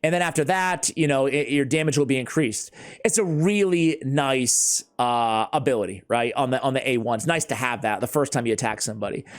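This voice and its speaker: A man's voice: medium pitch, fairly quick. A man hosting a casual gaming chat, rambling with lots of fillers and laughing often. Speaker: YouTube gaming channel host.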